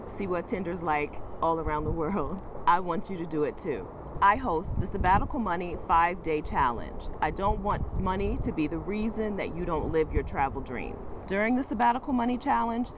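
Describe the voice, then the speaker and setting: A woman hosting a travel interview show, wrapping up with a direct, upbeat pitch to viewers. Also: background noise. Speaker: host. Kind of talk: casual interview and sign-off pitch.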